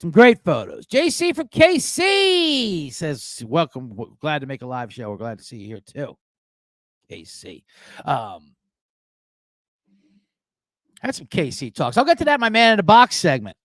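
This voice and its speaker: Guy in his middle years hosting a betting show, loose jokey rants with swearing, fairly high voice. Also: sing-song, unhurried, long pauses, no room sound, studio quality. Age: middle-aged. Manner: rambling, profane, jokey asides. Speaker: sports betting podcast host. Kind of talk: casual live show chat.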